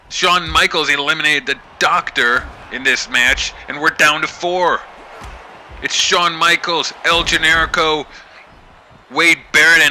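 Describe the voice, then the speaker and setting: A man doing excited play-by-play wrestling commentary as host of his channel, building up to shouts at the big moments. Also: on the high side, a little hiss or hum.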